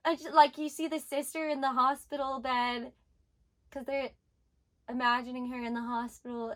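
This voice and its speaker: A woman's voice: high-pitched, level tone, moderate pace, fairly bright tone. A young woman reviewing a manga in casual chat, rambling with lots of filler words and getting emotional.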